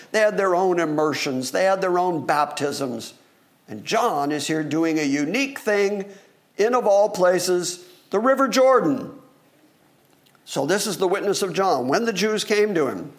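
A male pastor delivering an animated sermon. His voice sits high and swings widely in pitch as he acts out the questions of the people in the story.

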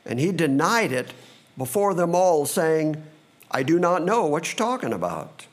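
Slow, high, animated male preacher. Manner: slow and dramatic, quickening in asides. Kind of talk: sermon.

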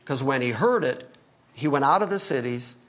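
A man's voice: mid-range voice, animated, moderate pace, fairly bright tone. A male pastor teaching through a Bible passage in an emphatic sermon, acting out the quoted lines. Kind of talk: expository sermon.

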